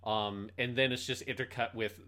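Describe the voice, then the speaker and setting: A man co-hosting a podcast in casual chat, telling stories in an animated, sweary way. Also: medium pitch, normal speed. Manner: animated, sweary, laughing storytelling. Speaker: podcast co-host.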